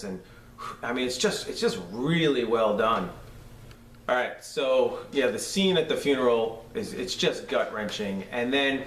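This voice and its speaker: A man's voice: medium pitch, a bit bright, recorded from a distance. A man with a New York accent casually reviewing a cartoon episode on a podcast, enthusiastic and rambling with lots of fillers. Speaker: podcast host. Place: room shared with a co-host. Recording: roomy echo, off-mic, faint noise.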